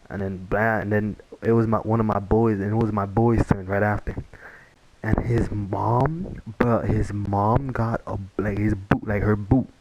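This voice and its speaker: A man's voice: fairly low pitch, noisy background. A young man telling a casual story-time tale, rambling with many fillers and restarts. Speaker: vlogger.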